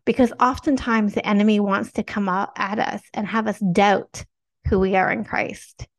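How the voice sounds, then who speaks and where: A woman's voice: medium pitch, steady tone, moderate pace. A young woman giving an earnest devotional teaching, speaking directly to her viewers and repeating phrases for emphasis. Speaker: Christian teacher and product seller.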